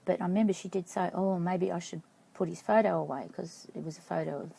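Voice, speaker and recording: Casting: middle-aged woman, low gravelly voice, halting personal vlog storytelling. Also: fairly even intonation, mellow, low-quality recording. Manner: halting, reflective, often checks notes. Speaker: vlogger.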